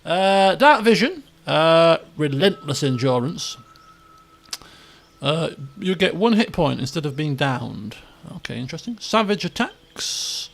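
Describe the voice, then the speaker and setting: A man's voice: fairly high pitch, big pitch swings, unhurried, vocal fry. A young adult man streaming a game, chatting and musing aloud in a jokey, casual way.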